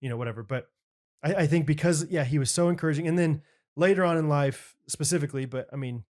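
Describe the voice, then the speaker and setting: This young man co-hosts a podcast, talking fast in a fairly high, slightly mellow voice. In casual chat, he tells a story earnestly and ramblingly, leaning on lots of fillers.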